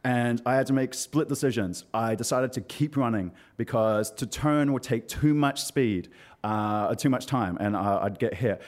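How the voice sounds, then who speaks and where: A man telling a personal story on stage, animated and self-mocking, with frequent filler sounds. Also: medium pitch, moderate pace.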